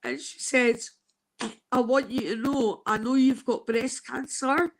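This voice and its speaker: A Scottish woman from Scotland telling an emotional personal story, halting and tearful. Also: high-pitched, steady tone, low-quality recording.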